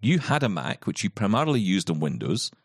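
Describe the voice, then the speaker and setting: Lively, jokey male podcast host. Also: on the low side, breathy edge, dry recording, studio quality. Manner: playful, jokey, quick asides. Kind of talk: casual chat.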